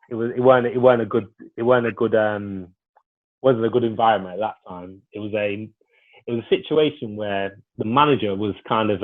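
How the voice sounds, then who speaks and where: A man, a former footballer telling stories in a casual, rambling way with lots of restarts. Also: lowish voice. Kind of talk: casual storytelling interview. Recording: phone-like narrow sound.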